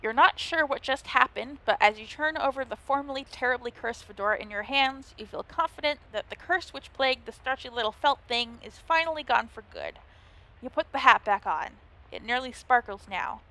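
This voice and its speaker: A woman's voice: a little high, fairly quick, sharp tone. A woman hosting a let's play, reading the game's narration aloud and chatting playfully between lines. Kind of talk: gameplay commentary, reading game text aloud.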